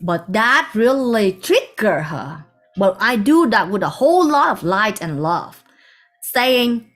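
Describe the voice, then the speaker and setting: Soft-spoken woman telling a spiritual story. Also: medium pitch, big pitch swings, slow pace. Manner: soft-spoken, meandering, with hushed asides. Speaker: spiritual teacher.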